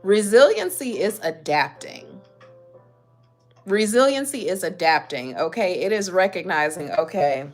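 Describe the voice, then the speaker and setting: A woman's voice: fairly low pitch, lively intonation, unhurried, soft background music. A woman hosting a mental health talk, speaking emphatically and directly to her listeners. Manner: emphatic, preachy, talks straight to listeners. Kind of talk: casual motivational talk.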